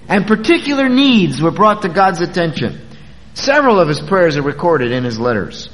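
A pastor preaching to his congregation in a high, lively voice that swoops up and down. He talks to them conversationally, drawing out important words for emphasis. A long reverb from the church sanctuary hangs behind him. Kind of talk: sermon.

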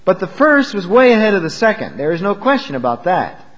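Guy preaching a sermon, pitch jumps all over, kinda conversational and emphatic, long hall echo. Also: a little fast. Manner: lively, emphatic, conversational preaching with rhetorical questions.

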